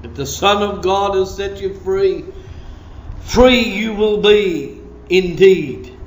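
Male pastor, high voice, emphatic blunt sermon, roomy church room. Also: slow. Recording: roomy room, faint guitar.

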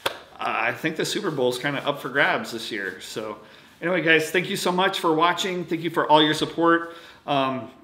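A man chatting casually on his vlog, halting with lots of fillers, losing his voice a little. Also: a little high, pushed and bright, echoey room. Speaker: autograph collecting vlogger. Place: indoors at home at night.

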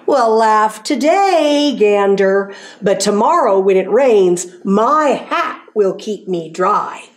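A woman reading aloud, voicing a small, proud and stubborn male hedgehog in a slow, earnest storybook way. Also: medium pitch, expressive. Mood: defiant.

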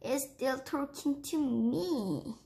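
A woman's voice: high-pitched, takes it slowly, creaky, full character voice. A woman voicing a stubborn elderly grandmother who refuses to believe what she hears, in a storybook reading. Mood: shaken. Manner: flat refusal, in a strange voice. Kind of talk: storybook read-aloud.

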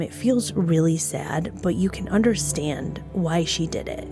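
A woman hosting a true crime podcast, reading a scripted narration with frank, blunt, conversational asides. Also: lowish voice. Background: music.

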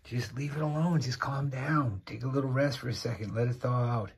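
At his rural mountain home beside a fire, a man films himself casually chatting to his cat and teasing it. His mid-range voice is fairly quick and slightly rough, picked up by a handheld camera.

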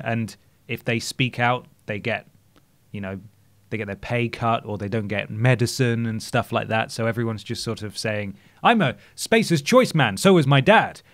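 A man's voice: on the low side, fairly even intonation, normal speed. A man co-hosting a gaming podcast in casual chat, talking enthusiastically and rambling a little. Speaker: podcast co-host.

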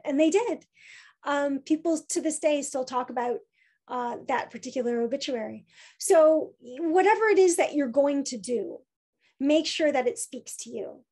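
A woman's voice: high voice, darkish tone. A woman giving a talk as an obituary writer, telling a personal story in a chatty way with many fillers and restarts.

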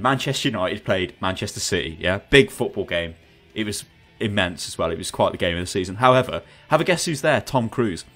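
Podcast host, excitable sarcastic rants, headset voice chat with faint background music. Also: male voice, fairly low pitch. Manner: animated, sarcastic ranting. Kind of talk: casual ranting chat.

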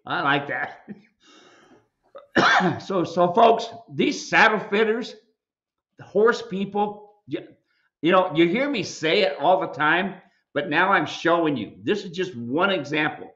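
A man's voice: high-pitched, expressive, measured pace, long pauses, fairly bright tone, lo-fi sound. A man who owns a mule ranch, hosting a live Q&A and lecturing viewers in an emphatic, folksy way. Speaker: mule ranch owner and show host. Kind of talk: live video Q&A commentary.

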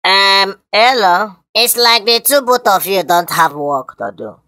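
A woman's voice: medium pitch, lively intonation, a little slow, bright, forceful tone, dry recording. A woman with a Nigerian accent playing a tough, confrontational woman who threatens to fight in a comedy skit. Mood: threatening. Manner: confrontational, threatening, mixing Pidgin. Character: tough woman picking a fight, easily provoked.

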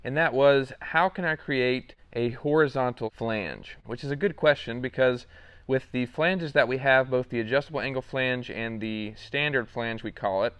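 A young man hosting a casual product walkthrough, relaxed and rambling with lots of fillers. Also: medium pitch, moderate pace, clean tone, no room sound. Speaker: product demo host.

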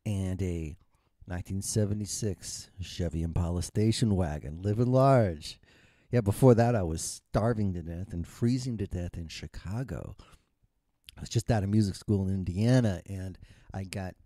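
A man's voice: low voice, moderate pace, mellow, dry recording, studio quality. A man in his fifties, a retired musician telling his life story in a humorous, rambling and self-mocking monologue.

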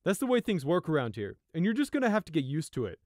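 A hardened young buck, zealous and harsh, voiced by a man raising his pitch somewhat. He talks loudly and forcefully in short, clipped lines. The sound is dry and close. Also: big pitch swings, fast, dry recording. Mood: angry.

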